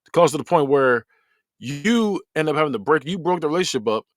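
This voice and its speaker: A man hosting a podcast, giving a rambling, animated review of a documentary he has just finished. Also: on the high side, fairly quick, no echo. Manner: rambling, animated, repeats himself. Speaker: podcast host.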